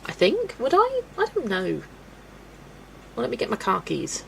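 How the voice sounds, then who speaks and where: A woman's voice: on the high side, wildly swooping pitch, normal speed, fairly bright tone, slight background noise, poor audio. A woman hosting a colouring live stream, chatting casually with viewers and giggling often. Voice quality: gravelly creak in the voice. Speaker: colouring livestream host.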